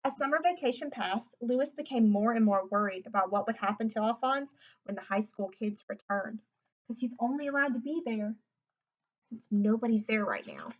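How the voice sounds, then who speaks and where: A woman reading a picture book aloud in a gentle way, stopping now and then to explain things to young listeners. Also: a little high, animated, moderate pace, muffled recording. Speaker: storyteller.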